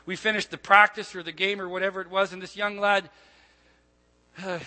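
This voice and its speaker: A middle-aged man preaches a sermon, telling stories in an animated way, full of asides and restarts. His voice sits high and sounds bright. It rings with the long reverb of a church hall. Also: brisk. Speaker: pastor.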